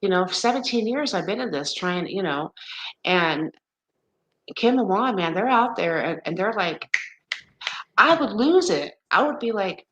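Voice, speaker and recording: Over a noisy background, a woman in her fifties wearily vents to a friend about exhaustion, her casual talk rambling, exasperated and riddled with restarts. She speaks with a mid-range, expressive voice, a little slowly.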